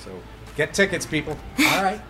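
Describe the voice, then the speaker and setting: A man's voice: high-pitched, normal speed, sharp tone, faint music behind. A man co-hosting a casual interview, joking and playful. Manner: playful, jokey. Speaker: co-host.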